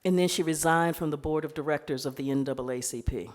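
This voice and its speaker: A woman giving a keynote speech at a conference, telling history in a lively way and acting out the voices of the people she quotes. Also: sits low, fast. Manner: animated storytelling, acting out quoted voices, laughing. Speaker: keynote speaker. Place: conference hall.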